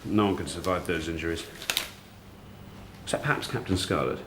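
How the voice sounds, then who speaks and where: An actor playing a brusque, glib senior doctor in a sitcom, giving a junior colleague blunt advice. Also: male voice, deep voice, moderate pace, roomy sound, noisy background. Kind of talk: sitcom acting.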